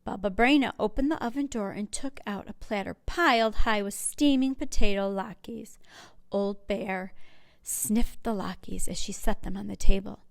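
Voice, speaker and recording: A woman working as a children's librarian, reading a picture book aloud with clear, expressive storytelling. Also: medium pitch, measured pace, no echo, clean studio sound.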